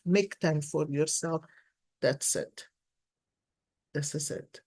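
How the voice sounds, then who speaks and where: This is a woman in her sixties doing a casual card reading for her followers. She talks slowly in a somewhat low voice. Her storytelling is earnest and animated, full of false starts and repeated words. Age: 60s. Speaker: tarot card reader and life coach.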